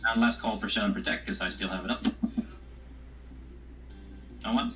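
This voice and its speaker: A man with a somewhat low voice leads a group through an online raid over voice chat. He calls out which group goes where in a direct, organizing way, with faint game music playing behind him. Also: steady tone, moderate pace, pauses often, sharp tone, poor audio. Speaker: raid leader. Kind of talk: casual voice chat while gaming.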